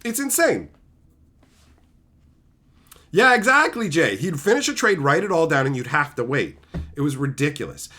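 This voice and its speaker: A man's voice: on the high side, big pitch swings, moderate pace, pauses often, pushed and bright. A man hosting a livestream, ranting heatedly and profanely while answering chat. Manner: answers chat between rants. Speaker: streamer host.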